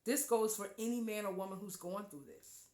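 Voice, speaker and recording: A woman hosting a podcast, giving an emphatic, preachy spiritual talk with loud exclamations. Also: mid-range voice, moderate pace, reverberant. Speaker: podcast host.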